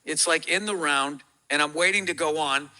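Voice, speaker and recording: A man from America, a comedian guest telling stories on a talk show, swearing freely and loudly acting out the voices of the people he quotes. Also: a little high, normal speed. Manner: profane, animated, acts out quoted voices loudly.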